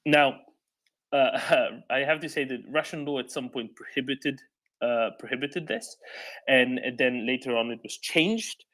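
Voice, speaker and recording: A man hosting a live audio discussion, speaking in a measured way with frequent fillers and restarts. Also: mid-range voice, a bit bright. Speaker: host of online discussion.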